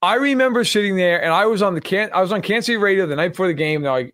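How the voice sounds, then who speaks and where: A man's voice: high voice, rapid-fire, hardly any pauses, fairly bright tone, dry recording, studio quality. A man in casual sports talk, telling an emphatic story and swearing now and then. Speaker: radio host.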